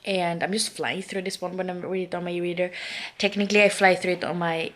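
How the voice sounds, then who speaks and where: A woman's voice: on the low side, flat delivery, fast talker, a bit bright. Gushing young woman book vlogger. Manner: gushing, emotional, dramatic about books. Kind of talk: casual reading vlog chat.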